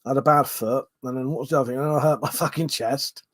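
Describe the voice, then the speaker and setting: A man's voice: medium pitch, fairly even intonation, quick pace, a bit bright. A man hosting a casual live stream, reading out viewer comments in a rambling, sweary, jokey way, yawning and short of breath.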